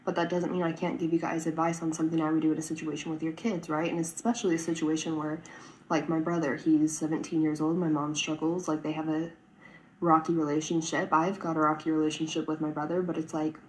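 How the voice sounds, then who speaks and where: A woman's voice: low-pitched, level tone, fast, slight background noise, rough recording. A woman in her twenties talking earnestly to camera in a personal vlog, rambling, with frequent "like" and "right?". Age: 20s. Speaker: vlogger.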